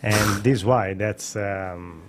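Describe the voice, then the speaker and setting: Halting, lower-voiced man in chat. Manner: halting, searching for words. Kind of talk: casual chat.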